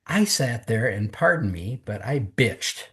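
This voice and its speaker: A man's voice: medium pitch, big pitch swings, a little slow, fairly bright tone. A man, a podcast guest, candidly telling his personal testimony in conversation and acting out what others said to him. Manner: earnest, candid storytelling that mimics others' words. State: emotional, close to tears.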